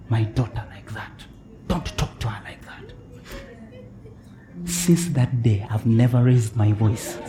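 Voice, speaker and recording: A man's voice: high-pitched, a little hiss or hum. A man preaching a sermon as pastor, often checking in with his congregation and chuckling between points. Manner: animated preaching with frequent "eh?" check-ins and chuckles.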